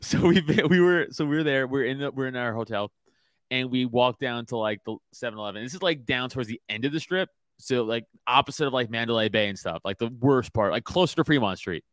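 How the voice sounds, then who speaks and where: A man hosting a podcast, telling a story in casual chat, animated, swearing and laughing often. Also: mid-range voice, a little fast, clear, resonant tone, dry recording. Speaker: podcast host.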